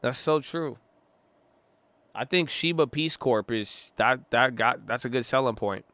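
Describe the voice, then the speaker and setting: A young man hosts a casual livestream, reading chat messages aloud and riffing on them in relaxed, slangy talk. His voice is bright and crisp, and it comes across close and dry with no room sound. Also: mid-range voice, moderate pace, dry recording. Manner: loose and chatty, reacting to chat, slang-heavy.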